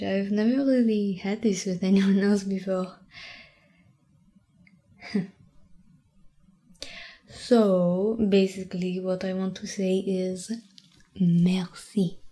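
Whispered role-play: a woman doing a playful young French tutor with a French accent, giggling softly as she teases her student. Her slow, unhurried whisper has a mellow, warm tone. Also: mid-range voice. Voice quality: soft, mostly whispered voice, giggly. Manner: gentle, teasing, chatty.

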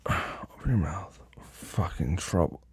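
Casting: low, gravelly, husky man for a slow, commanding role-play, drifting into whispers. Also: expressive, slight background noise. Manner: commanding and teasing; drops to a whisper at times. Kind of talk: dominant audio role-play.

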